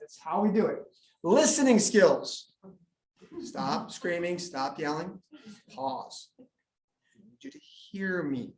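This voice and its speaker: Animated man telling school stories, echoey room. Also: high voice. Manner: animated storyteller, jokes and acts out students. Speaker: school administrator speaking to parents. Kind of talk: live presentation to parents. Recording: echoey room, live meeting.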